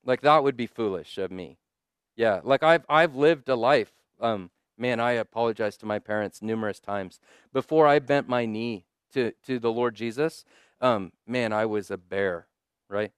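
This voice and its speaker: A man preaching a sermon at a conference in a conversational style, often asking "right?" and slowing down to stress key lines. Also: medium pitch, smooth, no echo, studio quality.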